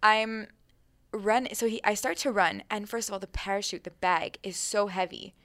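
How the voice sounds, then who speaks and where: Animated young woman telling a story. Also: medium pitch, moderate pace, dry recording. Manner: animated, many fillers, acts out her own thoughts. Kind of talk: casual chat, storytelling.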